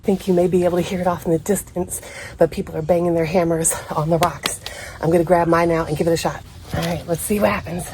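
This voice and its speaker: A woman's voice: on the low side, steady tone, fast talker, over loud music. A woman vlogging casually on a hike, chatty and out of breath. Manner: chatty, laughs often. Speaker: car camping vlogger. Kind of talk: casual vlog narration. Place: outdoors on a hiking trail. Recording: outdoor ambience, loud background noise. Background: loud outdoor and vehicle noise.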